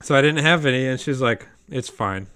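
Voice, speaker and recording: A young man in casual podcast chat, telling an animated story, acting out quoted lines and swearing freely. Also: medium pitch, brisk, clean tone. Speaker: podcast co-host.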